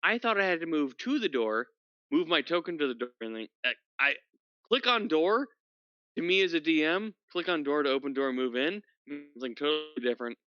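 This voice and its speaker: A man's voice: a little high, lively intonation, a little fast, bright, forceful tone, clear, resonant tone, no room sound, dull audio. A man from Minnesota chatting casually with fellow tabletop players, rambling and poking fun at himself. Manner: rambling, self-deprecating. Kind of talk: casual chat among gamers.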